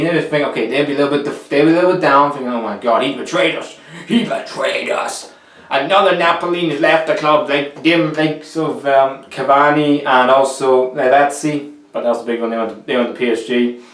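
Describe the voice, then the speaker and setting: A young man talks through football transfers in a loose, opinionated ramble, often restarting his sentences. His voice sits fairly high for a man. The sound is roomy and echoey, picked up from a little way off the mic. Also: fairly bright tone, recorded from a distance. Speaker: football vlogger. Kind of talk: casual football transfer commentary.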